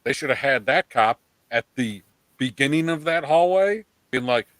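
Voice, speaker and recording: A man hosts a casual live stream from a desktop mic, ranting animatedly and swearing as he acts out mock quotes. His voice sits at a middle pitch and sounds close and dry, with no room around it. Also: animated, moderate pace, fairly bright tone, dry recording, low-quality recording. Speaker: host of a live pop culture stream.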